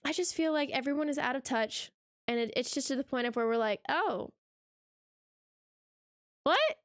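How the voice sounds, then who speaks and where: A woman's voice: sits high, fast, no room sound, studio quality. A young woman hosting a reaction channel, ranting casually to camera in a sarcastic, exasperated way, full of rhetorical questions.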